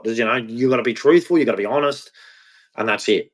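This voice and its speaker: A man in a confessional vlog monologue, speaking in a halting, repetitive way and swearing freely. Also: mid-range voice. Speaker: vlogger.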